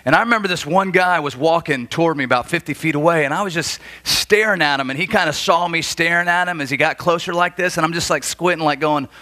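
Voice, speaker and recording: Bright-voiced pastor from Florida. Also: male voice, fairly high pitch, fast, few pauses. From Florida, USA. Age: 40s. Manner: animated storytelling, acts out dialogue. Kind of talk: sermon. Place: church.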